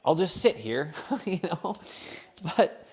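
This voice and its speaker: Casual co-host, a man with a fairly high voice, swearing as he rambles through a story. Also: big pitch swings, takes it slowly, a little mellow, husky. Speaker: podcast co-host. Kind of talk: casual chat.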